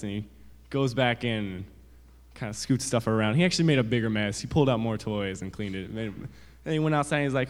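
A man's voice: medium pitch, moderate pace. Guy telling the kids a story in church, rambly, lots of restarts, big echoey hall. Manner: rambling, with frequent restarts and quoted dialogue. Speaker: children's sermon speaker. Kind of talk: casual storytelling to children. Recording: reverberant hall.

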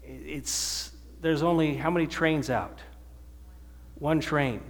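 A man preaches a sermon in a slightly high voice, pausing to put questions to his listeners and answer them. His voice rings out with a long reverb tail, the sound of a hall. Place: church or meeting hall with an audience.

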